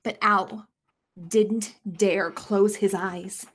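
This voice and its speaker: A woman's voice: mid-range voice, fairly even intonation, very slow. A young woman reading a picture book aloud to children, stopping to ask them questions about the pictures. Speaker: school staff reader. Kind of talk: children's storytime read-aloud.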